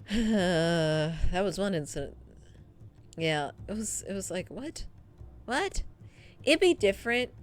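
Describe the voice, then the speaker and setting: Young woman chatting on stream, kinda low pitched, slow and laid back, lots of ums and laughs. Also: expressive. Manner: chatty, laughs often, many ums and trailing asides. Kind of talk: casual chat, storytelling to a live chat.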